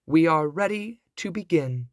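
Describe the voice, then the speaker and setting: A man voicing a kindly little old fairy godmother in a storybook reading, gentle but commanding. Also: lively intonation, measured pace, no echo, clean studio sound. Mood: brisk. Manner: gentle, commanding, higher and brighter than his narration.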